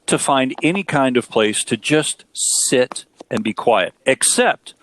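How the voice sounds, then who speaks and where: A middle-aged man hosting a casual chat, telling a story with animated, dramatic delivery. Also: medium pitch, measured pace, a little hiss or hum. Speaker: podcast host.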